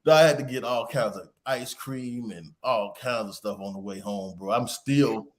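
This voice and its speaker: A man hosting a podcast, telling a rambling story with lively quoted voices and casual swearing. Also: on the low side, moderate pace. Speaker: podcast host.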